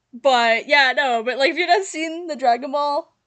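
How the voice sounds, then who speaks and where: A woman's voice: high-pitched, a bit bright. A young woman giving casual reaction commentary, giggly and rambling with lots of fillers. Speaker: YouTuber reacting to her old videos.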